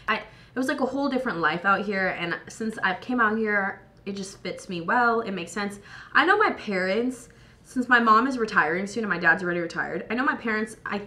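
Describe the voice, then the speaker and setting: A young woman vlogging, tipsy and a little hoarse, chatting loosely and with plenty of swearing while doing her makeup at home. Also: medium pitch, pushed and bright. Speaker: beauty vlogger.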